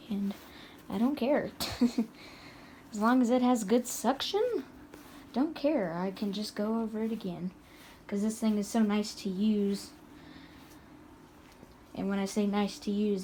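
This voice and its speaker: Slow-talking chatty woman reviewer. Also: mid-range voice, warm tone, a little hiss or hum. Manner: chatty, rambling, many fillers and laughs. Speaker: product reviewer. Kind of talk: casual home review demo. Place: home, indoors by a carpet.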